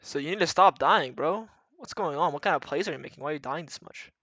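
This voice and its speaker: Male streamer-coach, sharp bright voice, blunt and rambling, swears freely. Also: on the high side, animated, fast talker, no echo, dull audio. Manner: blunt, profane, rambling with restarts. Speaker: retired pro gamer coaching viewers. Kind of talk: casual livestream coaching talk.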